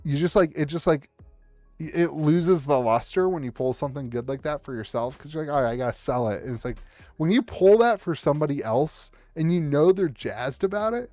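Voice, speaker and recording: Excitable man hosting a live pack opening. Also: on the high side, normal speed, no room sound, faint music behind. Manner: excitable, hypes up pulls with cheers and shouts; rambling, restarts sentences often. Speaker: host opening card packs live for viewers. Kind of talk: live stream chat while opening packs. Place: home streaming setup at a table.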